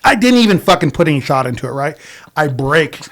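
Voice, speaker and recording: A man's voice: on the high side, sing-song, fairly quick, a bit bright. A man telling a long bar story in casual chat, rambling and profane, with many restarts.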